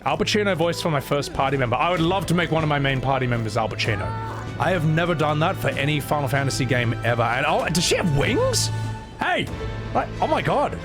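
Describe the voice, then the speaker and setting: Brief: young male streamer, lively rambling commentary, curses freely, game music playing underneath. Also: a little high, a little fast. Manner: chatty, swearing, talks to chat. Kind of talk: let's-play commentary.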